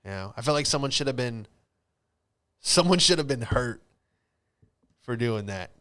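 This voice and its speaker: Brief: young male podcast host, smooth clear voice, relaxed rambling chat. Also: medium pitch, moderate pace. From Florida. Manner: laid-back, rambling storytelling with slang. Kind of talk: casual solo podcast chat.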